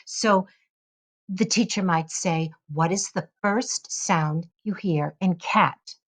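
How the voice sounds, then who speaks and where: A woman giving an instructional lesson, carefully modeling sounds in a slow, deliberate way. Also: lowish voice. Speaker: teacher educator.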